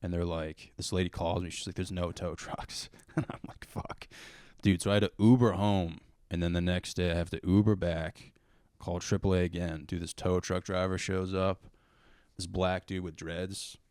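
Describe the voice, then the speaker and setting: A young man, a comedian guest, telling a story in a relaxed, profane, casual podcast chat, saying "dude" all the time. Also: deep voice, normal speed, dry recording, clean studio sound. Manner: laid-back, profane, says "dude" constantly.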